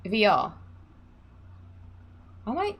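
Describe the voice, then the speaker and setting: A woman's voice: mid-range voice, big pitch swings, drawn-out words. A woman hosting a casual live stream, chatting freely, laughing and reading out the chat. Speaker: streamer and sim racing host.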